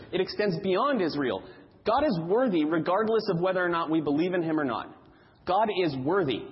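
A man's voice: fairly high pitch, long reverb tail, highs cut off. A man preaching a sermon in a church, emphatic and repeating key phrases for stress.

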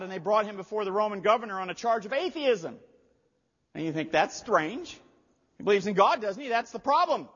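A pastor with a high voice delivers a sermon in storytelling fashion, surging into loud, forceful emphasis. The sound is muffled and lo-fi, with a long reverb from the church hall around him. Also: male voice. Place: church sanctuary.

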